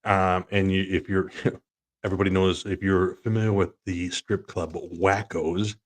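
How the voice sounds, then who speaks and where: A man's voice: sits low, little pitch movement, unhurried. A man co-hosting a sports talk show, telling rambling stories and laughing through them. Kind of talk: casual storytelling chat.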